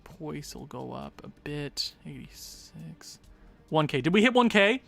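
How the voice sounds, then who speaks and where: Bright-voiced young man livestreaming games. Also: fairly high pitch, very animated, gravelly, faint music behind. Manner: rambling, chatty, quick asides to viewers. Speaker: gaming livestream host. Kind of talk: casual livestream chat.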